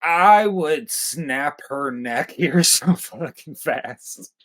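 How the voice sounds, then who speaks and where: A man's voice: a little high, expressive, extremely slow, fairly bright tone. A man co-hosting a casual film review chat, blunt, profane and joking. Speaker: podcast co-host.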